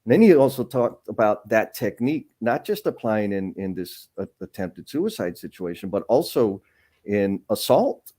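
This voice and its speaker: A man with a fairly low, warm, mellow voice hosts a live stream conversation. He talks candidly and earnestly, often restarting his sentences as he thinks aloud. His tone stays reflective and conversational. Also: very animated, normal speed. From San Antonio, Texas.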